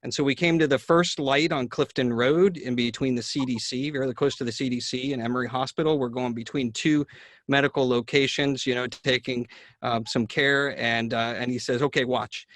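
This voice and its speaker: A man's voice: medium pitch, steady tone, moderate pace, fairly bright tone, no room sound. A man hosting a conversation, telling a long story with many fillers and restarts. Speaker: neurologist host. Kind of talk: casual video-call conversation.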